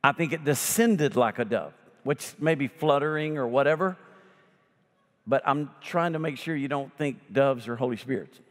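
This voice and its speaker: A male pastor delivering a sermon, swinging between loud emphatic lines and slow hushed ones, with folksy humorous asides. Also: mid-range voice. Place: church sanctuary. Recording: long hall reverb.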